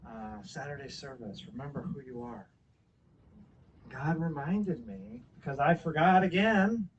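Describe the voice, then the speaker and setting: A man about fifty telling a personal story in a sermon, animated, swinging between loud exclamations and quiet asides. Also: fairly high pitch, recorded from a distance, dull audio, slight background noise. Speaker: guest speaker at a spiritual center. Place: church hall.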